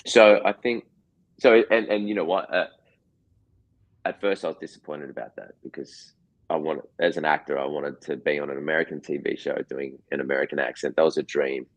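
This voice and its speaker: A man's voice: extremely low pitch, a little fast, highs cut off. An Australian man in his forties, a guest actor chatting in an interview, rambling with lots of restarts and repeated words. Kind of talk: casual interview chat.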